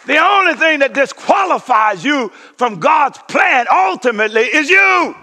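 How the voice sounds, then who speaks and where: A man preaching a sermon as pastor, using call-and-response and repeated refrains, swinging from shouted peaks to hushed near-whispers, in a church sanctuary. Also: extremely high pitch, very animated, measured pace, hardly any pauses, a faint crowd. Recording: long hall reverb of a sanctuary.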